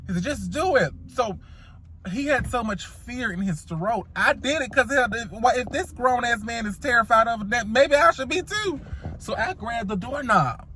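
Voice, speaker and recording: A sassy, dramatic woman spins a wild storytime for her viewers, swearing freely and calling them honey. Her voice sits high and rings bright and forceful. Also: lively intonation, normal speed, slight background noise. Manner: sassy, dramatic, profane, calls listeners honey and child. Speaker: storytime vlogger. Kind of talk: casual storytime monologue.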